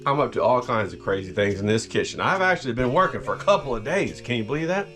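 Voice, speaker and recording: A man's voice: medium pitch, expressive, quick pace, a bit bright, faint music behind. Rowdy, swearing home-cook man. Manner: rowdy, folksy and profane, rambling asides to the viewer and cameraman. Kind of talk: casual cooking vlog. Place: home kitchen.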